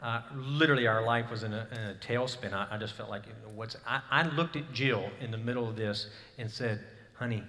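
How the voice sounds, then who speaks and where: A man's voice: medium pitch, moderate pace, sharp tone. A man in his thirties preaching a sermon, telling a personal story in an earnest way and rising to emphatic bursts. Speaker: pastor. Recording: hall reverb.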